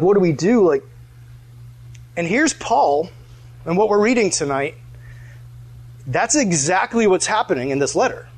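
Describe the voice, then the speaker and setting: A man preaching a casual storytelling sermon, chatty and animated, full of "like" fillers. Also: sits high. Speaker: pastor.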